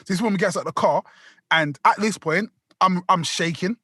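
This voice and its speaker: A man's voice: on the high side, normal speed, pushed and bright, no room sound, clean studio sound. A man telling a rambling story on a podcast, full of slang and swearing. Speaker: podcast co-host. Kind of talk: casual storytelling.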